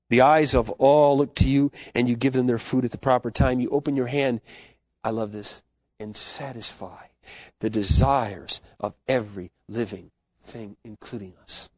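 A man preaching a sermon as pastor, swinging between loud, fervent declarations and soft, hushed asides. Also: medium pitch, fairly even intonation, a little slow, no room sound. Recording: dull, lo-fi sermon recording.

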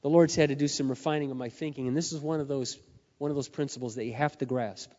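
A middle-aged man preaching a sermon, earnest and confessional, swinging between quiet admissions and loud emphatic peaks, his voice wearing hoarse. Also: mid-range voice, fairly even intonation, quick pace. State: losing his voice. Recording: muffled sound in a reverberant hall.

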